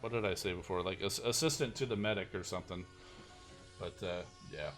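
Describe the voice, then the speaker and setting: A man's voice: sits low, a little fast, fairly bright tone, faint music behind. A man streaming a mobile game live and chatting casually, rambling and self-deprecating with lots of fillers.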